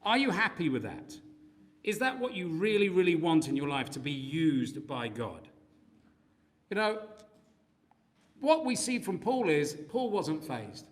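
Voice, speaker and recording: A man's voice: a little high, measured pace, long pauses. A man preaching a sermon in a church, telling stories with acted-out quotes. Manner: animated storytelling with acted quotes.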